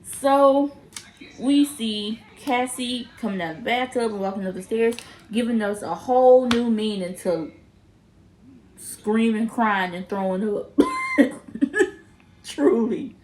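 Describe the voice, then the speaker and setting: A young woman giving a casual recap of a TV episode, animated and often laughing as she acts out the characters' lines. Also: on the high side, slow pace, long pauses, a little hiss or hum, rough recording. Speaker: TV episode reviewer.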